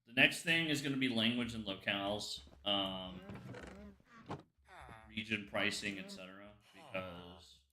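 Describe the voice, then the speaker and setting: A man with a hard, sharp edge to his fairly low voice rambles through a live stream while he works. He halts and trails off, leans on fillers and half talks to himself. The sound rings in a roomy space. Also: a little hiss or hum. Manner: halting and distracted, heavy on fillers, talks to himself. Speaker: streamer testing his own app. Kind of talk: casual live-stream chat while working.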